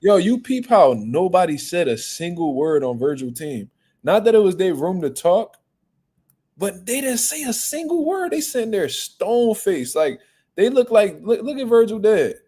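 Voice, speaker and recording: A man hosting a boxing talk show, chatting casually in a blunt, profane, animated way. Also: high-pitched, normal speed, breathy edge. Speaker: boxing podcast host. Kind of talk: casual chat.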